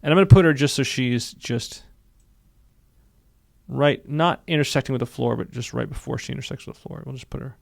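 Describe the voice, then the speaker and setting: A man walks through a software tutorial at a brisk clip, his voice gravelly. He is upbeat and says many lines twice as he clicks along. The sound is dry and close, with no room around it. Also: mid-range voice, no room sound. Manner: upbeat, repeats phrases while narrating clicks. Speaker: software instructor. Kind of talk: screen-recorded tutorial.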